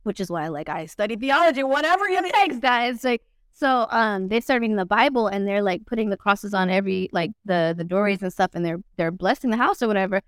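A young woman telling a story as a podcast guest, in a blunt, slangy way with lots of swearing, acting out quotes with big swings in pitch. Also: a little fast, smooth, dry recording, clean studio sound. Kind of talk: casual storytelling.

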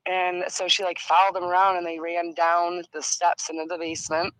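A male caller telling a story on a casual podcast, earnest and intent. His voice sits high and bright, with a dry, close sound. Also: completely flat delivery, moderate pace, clear, resonant tone, dry recording, poor audio.

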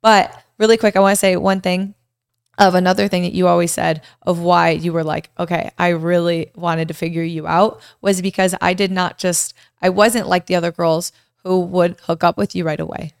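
A woman's voice: on the low side, normal speed, gravelly, clean tone, no room sound, studio quality. A young woman in her twenties co-hosting a couple's podcast, chatting casually and animatedly, telling stories with lots of "like". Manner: animated, storytelling with many "like"s. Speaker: podcast co-host.

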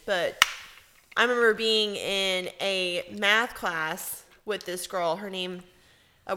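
Blunt, profane woman with a bright voice. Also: mid-range voice, slight background noise. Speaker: podcast co-host. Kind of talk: casual chat.

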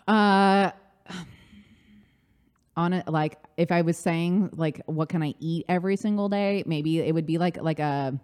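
A woman from the United States, a life coach chatting as a guest in an interview, animated and talkative, with lots of "like". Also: low voice, slow, clear, resonant tone. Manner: chatty, animated storytelling with frequent "like". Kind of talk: casual interview chat.

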